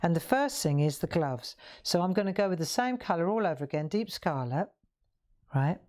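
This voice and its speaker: A woman's voice: on the low side, lively intonation, normal speed, darkish tone. A woman hosting a live colouring tutorial from her craft room, chatty and demonstrative, talking into a lapel mic. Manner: chatty, demonstrative, laughs at herself. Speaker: crafting livestream host.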